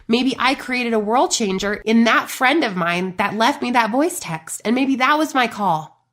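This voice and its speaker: A woman in her thirties hosting a faith-based business podcast, talking to listeners in a lively, chatty way. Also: on the high side, a little slow. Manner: animated, chatty, addresses listeners as you guys. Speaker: podcast host.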